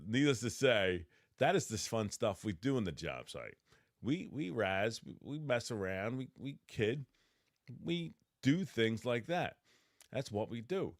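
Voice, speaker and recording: Lively low-voiced man telling job stories. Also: moderate pace, no room sound, clean studio sound. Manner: animated, acts out quotes in raised voice, stammers and laughs. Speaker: podcast host, electrician trainer. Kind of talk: casual storytelling.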